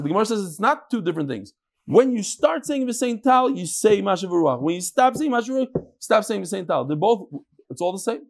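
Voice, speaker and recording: A man teaching a daily Talmud class, asking questions aloud and mixing untranslated Aramaic and Hebrew terms into his English. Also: brisk. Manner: animated, leaps between loud questions and low asides.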